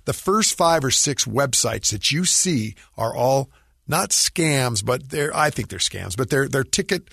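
A man's voice: mid-range voice, animated, measured pace, gravelly, pushed and bright, slightly rough, no room sound, studio quality. A man, a musician guest, talking in an earnest, reflective, friendly way in a casual interview.

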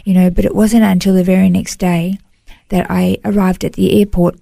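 A woman giving an earnest, emotional personal testimony in a podcast interview, halting now and then to restart a thought. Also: on the low side, level tone, vocal fry, mellow, dry recording, studio quality. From Australia. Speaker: interview guest.

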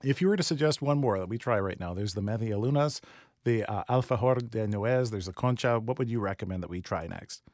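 A man's voice: on the low side, fairly quick, darkish tone, dry recording. A man hosting a radio talk show, chatting eagerly about food while tasting it in the studio. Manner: enthusiastic, chatty, eating while talking. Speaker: radio host. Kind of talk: casual studio food chat. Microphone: studio microphone.

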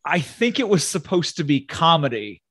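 High-voiced guy chatting about a movie. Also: big pitch swings, normal speed, a bit bright, breathy edge. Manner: rambling, swears casually. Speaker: podcast guest. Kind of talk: casual movie chat.

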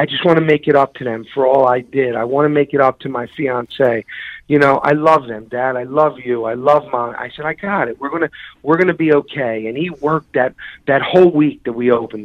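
A middle-aged man speaks as a radio show guest, his voice dry and close but muffled by the broadcast. He tells his story haltingly, repeating phrases, choked with grief. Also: medium pitch, no room sound.

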